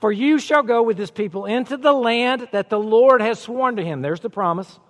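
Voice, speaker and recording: A pastor preaches a sermon in a voice that sits very high for a man, moving at a moderate pace. He starts relaxed and conversational, then builds to emphatic declarations, all carried by the long reverb of a large church sanctuary.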